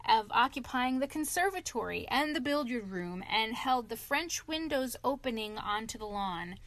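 Woman doing an earnest scolding rat, slow and deliberate, dry sound. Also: a little high, fairly bright tone, no echo. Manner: earnest, lecturing. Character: sensible scolding male water rat.

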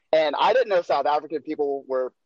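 A man's voice: a little high, no echo. A laid-back man talks casually on a podcast, rambling and leaning on fillers. His voice sounds slightly muffled and dry, close to the mic. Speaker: podcast guest, door-to-door salesman. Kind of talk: casual chat.

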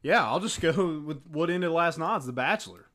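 A man co-hosting a casual chat, relaxed and laughing, his voice often trailing off quietly. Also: on the high side, moderate pace. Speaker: podcast co-host.

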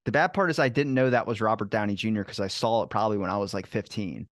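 A podcast host chats casually, animatedly spinning stories and swearing freely. His voice is lowish and quick, captured in clean studio quality with no room sound.

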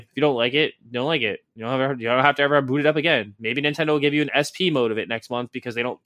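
A man's voice: medium pitch, pushed and bright, no room sound, clean studio sound. A man co-hosting a casual podcast, rambling along with plenty of swearing and sarcasm. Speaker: podcast co-host.

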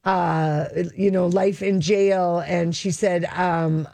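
A woman's voice: lowish voice, fairly even intonation, slow pace, few pauses, dark tone, dry recording. Rambling, gossipy woman radio host. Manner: rambling, lots of fillers, gossipy. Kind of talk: casual entertainment chat.

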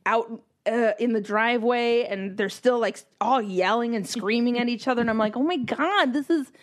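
A woman's voice: fairly high pitch, steady tone, normal speed. A woman chatting casually with friends, telling a story in a rambling way full of "like.". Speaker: mother and guest. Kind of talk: casual chat among friends.

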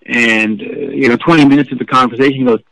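A man's voice: mid-range voice, fast talker, creaky, no echo, low-quality recording. Middle-aged man, storytelling guest, swearing, snarky, dry close sound. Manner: animated, profane, snarky anecdotes. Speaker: rock journalist guest. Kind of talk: casual interview storytelling.

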